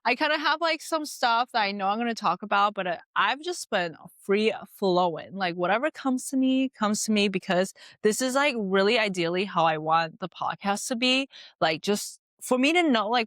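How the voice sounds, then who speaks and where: A woman's voice: mid-range voice, expressive, moderate pace, a bit bright, no room sound, clean studio sound. A young woman hosting her own podcast, talking in a loose, free-flowing way full of "like" and "you know". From moved to America at age ten. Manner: chatty, free-flowing, lots of "like". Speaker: podcast host. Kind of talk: casual chat.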